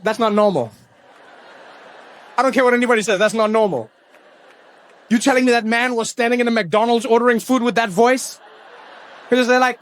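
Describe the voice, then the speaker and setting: Male stand-up comic with a very high voice, punchy delivery, hammering refrains. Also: a little fast. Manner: punchy, repeated refrains, animated. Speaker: stand-up comedian. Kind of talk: stand-up comedy.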